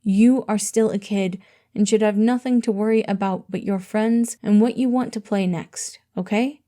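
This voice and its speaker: Casting: a measured, soft-spoken king, read by a woman, mellow and deliberate. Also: mid-range voice, lightly acted. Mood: earnest. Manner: calm, formal and deliberate. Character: gentle, earnest young male king, measured and formal.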